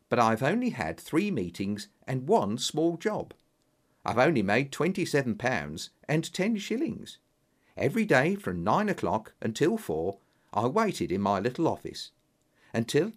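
A polite young engineer recounting his misfortune, voiced by a male storyteller. He speaks earnestly, his pitch rising and falling very expressively. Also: exaggerated voice.

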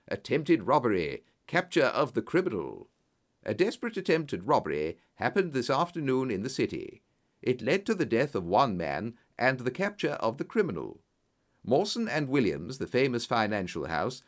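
A man narrating a story, reading in an expressive, clear storytelling manner. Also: medium pitch.

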